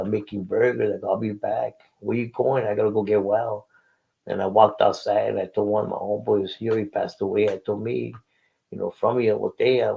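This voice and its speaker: A man's voice: lowish voice, gravelly, husky, lo-fi sound. A middle-aged man casually telling his life story in an interview, using street slang and Spanish words and often repeating himself.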